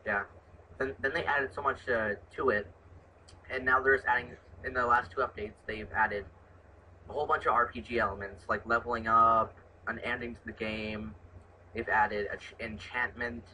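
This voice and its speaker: A man's voice: medium pitch, fairly even intonation, moderate pace, pushed and bright, rough recording. A young man chatting casually about a video game, rambling and restarting his sentences. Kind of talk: casual gaming chat. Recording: faint background noise.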